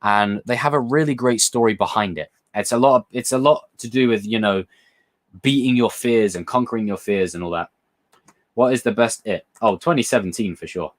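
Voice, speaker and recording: Rambling young man, slightly low voice. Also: a little fast. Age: young adult. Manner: rambling, excitable, swears freely. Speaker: livestream host reading chat questions. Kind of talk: casual live chat.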